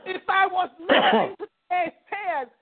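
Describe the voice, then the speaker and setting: A middle-aged woman minister speaks in a high voice with earnest fervor, sharing her testimony and urging her listeners. She sounds thin and tinny, as if heard over a telephone conference line. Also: lively intonation, measured pace. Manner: earnest, fervent storytelling. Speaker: minister leading a prayer call. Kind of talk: testimony and exhortation on a conference call.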